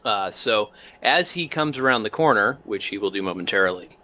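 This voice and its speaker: Bright-voiced male game master. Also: lowish voice, expressive, fairly quick. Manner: rambling with many fillers. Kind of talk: narrating a tabletop game.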